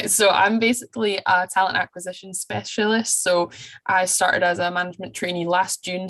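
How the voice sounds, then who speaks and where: A woman's voice: on the low side, a bit bright. A young woman in her twenties with a Scottish accent, chatting casually as a recruiter, with plenty of fillers. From Scotland. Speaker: talent acquisition specialist. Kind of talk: casual presentation.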